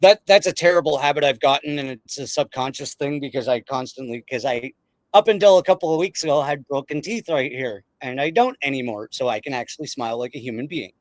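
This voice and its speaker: A man hosting a casual podcast chat, excitable and rambling, often breaking into laughter. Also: mid-range voice, fast talker, no room sound. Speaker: podcast host.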